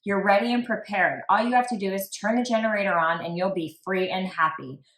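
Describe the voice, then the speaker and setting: Her voice is mid-range and fairly quick as this true crime podcast host chats casually. She reads out text messages flatly, peppering them with "like" asides, with a roomy echo around her.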